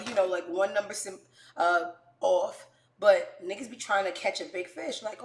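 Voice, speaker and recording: Brash, profane New woman host, storytelling, mid-pitched, echoey room. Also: animated, moderate pace. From New York. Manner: brash, profane, jumps between quiet asides and loud bursts. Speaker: show host. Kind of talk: casual comedic storytelling.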